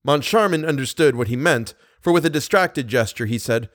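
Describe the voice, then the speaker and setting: A man narrating an audiobook in an expressive, steady storytelling manner. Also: mid-range voice, normal speed, hardly any pauses, no room sound, clean studio sound. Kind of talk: scripted narration.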